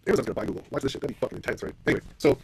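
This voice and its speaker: A man's voice: mid-range voice, very fast, gravelly, slightly rough. A middle-aged man hosting a casual solo podcast, blunt and profane as he rants about business. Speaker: podcast host.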